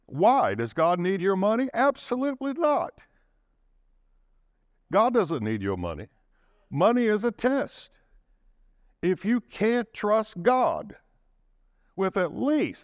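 A man preaching a sermon, swinging his pitch and pace for dramatic emphasis and calling out for the congregation's response. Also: dry recording, studio quality. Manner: calls for audience response.

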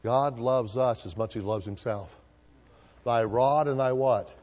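Man, pastor, sermon, call-and-response preaching, mid-pitched voice, long hall reverb. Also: measured pace, a little mellow. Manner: call-and-response preaching, asking the congregation to answer.

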